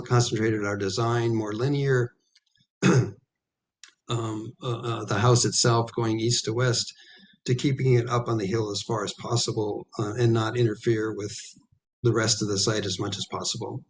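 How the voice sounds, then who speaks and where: A man presenting a design at a town planning meeting, halting with many ums and repeated throat clearing as he is losing his voice. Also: mid-range voice. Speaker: architect presenting to a planning commission. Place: town hall meeting room.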